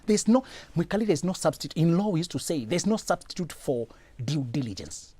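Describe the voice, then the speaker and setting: A man giving blunt, forceful relationship advice on a talk show, in a lively, preachy manner. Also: a little high, a little fast, husky, dry recording.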